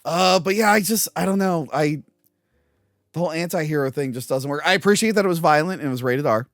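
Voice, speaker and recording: A podcast co-host in a casual movie review chat who rants with animated energy and laughs often. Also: medium pitch, no echo, studio quality. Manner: animated, ranting, quick to laugh.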